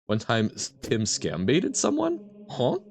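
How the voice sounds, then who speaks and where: A man streaming a game, chatting casually with his audience in an animated, rambling way that keeps correcting itself. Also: mid-range voice, measured pace, vocal fry, a little hiss or hum. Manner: animated, rambling, self-correcting, answers chat. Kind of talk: casual live-stream chat while gaming.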